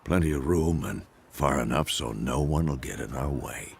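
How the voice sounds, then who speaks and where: An actor playing a grizzled old male witcher mentor in a video game, with a gravelly voice and a dry, teasing, matter-of-fact way of talking. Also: a bass voice, moderate pace, a little hiss or hum.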